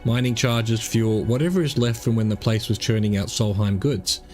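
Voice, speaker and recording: A man's voice: lowish voice, normal speed, a little mellow, faint music behind, natural voice. A man voicing a blunt, hardened spacer in a sci-fi game, reading close to his own voice. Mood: grim. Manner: blunt, grim. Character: hardened grim spacer, wary veteran.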